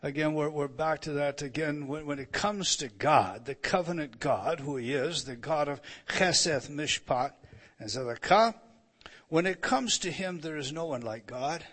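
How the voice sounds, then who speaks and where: A man preaching a sermon, restarting his words and asking the audience questions, rising to loud, emphatic proclamation. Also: on the high side, unhurried.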